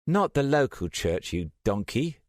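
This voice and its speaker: A man voicing a sharp-tongued young woman who mocks her friend with scathing retorts. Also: medium pitch, big pitch swings, unhurried, no echo, studio quality, pitched above the performer's own voice.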